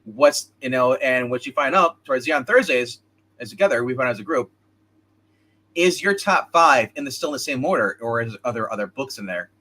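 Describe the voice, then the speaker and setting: A man's voice: medium pitch, lively intonation, fairly quick, pushed and bright. A man co-hosting a casual comics livestream, rambling and opinionated as he chats with a co-host and viewers. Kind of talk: casual live-stream chat.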